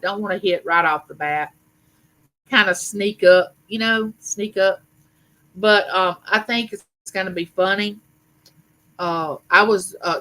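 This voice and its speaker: Woman in her fifties hosting a live chat; bright voice, chatty and rambling, frequent fillers. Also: on the low side, rough recording. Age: 50s. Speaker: livestream host. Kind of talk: casual live chat reading viewer comments.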